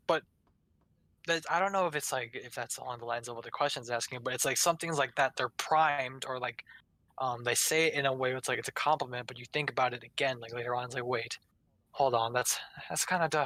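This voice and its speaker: Bright, dry-sounding young man chatting. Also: medium pitch, steady tone, fast, no room sound, poor audio. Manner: rambling, filler-heavy, acts out quotes. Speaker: podcast co-host. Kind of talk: casual chat.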